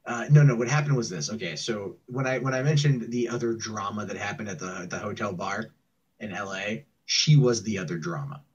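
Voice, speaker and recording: A man's voice: on the low side, brisk, husky. A man telling a long story on a call in a rambling, profane way, often mimicking what others said. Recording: muffled distant secretly recorded call.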